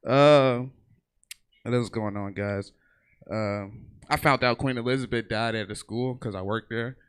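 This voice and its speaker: On a theater stage, a man performs a profane stand-up set, telling stories and briefly mimicking other people's voices. His medium-pitched voice is clear and resonant, and he takes his time.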